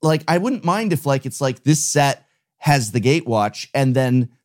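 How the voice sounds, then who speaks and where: A man co-hosting a casual chat, speaking in an opinionated, expressive way with frequent hesitations. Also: medium pitch, normal speed. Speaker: co-host.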